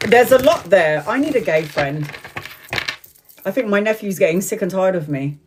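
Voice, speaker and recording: A chatty woman hosting a live tarot reading, laughing often as she goes. She slows down and draws out her words when she wants to stress something, in a voice of ordinary middle pitch. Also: lively intonation, background noise. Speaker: tarot reader.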